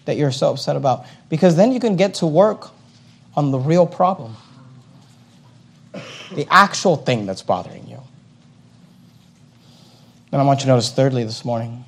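A male pastor with a notably high voice delivers a sermon. He drives his points with repetition and rhetorical questions. He slows right down to read the scripture verses. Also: darkish tone. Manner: reads scripture slowly and deliberately.

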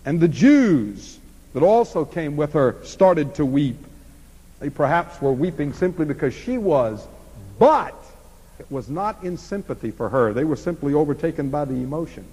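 A man delivering an expository sermon in a somewhat high voice, his pitch rising and falling widely. He swings from emphatic stretches down to near-hushed ones, and his voice rings out with a long hall reverb. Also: very animated, moderate pace, slightly rough. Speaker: preacher.

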